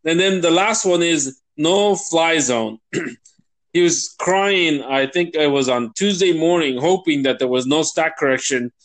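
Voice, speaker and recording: Young man, high voice, profane ranting host, casual sports chat. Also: a little slow. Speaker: podcast host. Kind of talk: casual fantasy football chat.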